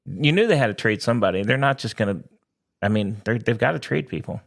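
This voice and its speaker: A man co-hosting a casual sports podcast, talking in an animated, joking way with frequent restarts. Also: fairly low pitch, quick pace, gravelly. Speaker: podcast co-host.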